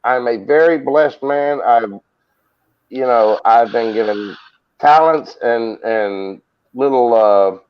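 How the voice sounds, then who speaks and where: A man's voice: mid-range voice, takes it slowly, clear, resonant tone, highs cut off. A man on a casual live chat, joking and swearing, with stammering restarts. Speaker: live stream guest.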